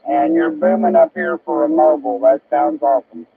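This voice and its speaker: Jokey gravelly ham radio man. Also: mid-range voice, flat delivery, a little fast, phone-quality sound. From southern Indiana. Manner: jokey, chatty, friendly. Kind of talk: casual radio chat. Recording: shortwave radio with light static.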